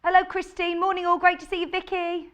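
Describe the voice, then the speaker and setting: A woman's voice: very high voice, completely flat delivery, fast talker, fairly bright tone, highs cut off. A woman presenting fabrics live on a shopping channel, chatty and gushing as she reads out viewer messages. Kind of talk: live on-air product presentation.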